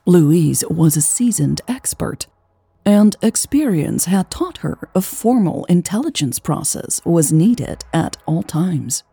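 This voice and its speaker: A woman narrates a romance audiobook in a dark, mellow voice with some gravel at the edges. Her reading is slow and even, and the sound is dry and close, with no room around it. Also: lowish voice, no echo. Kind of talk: scripted narration.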